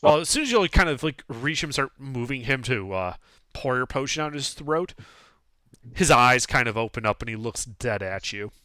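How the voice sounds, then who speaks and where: A man's voice: mid-range voice, normal speed, no room sound, clean studio sound. A man narrating a tabletop game as game master, rambling and full of fillers. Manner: animated, rambling with many fillers.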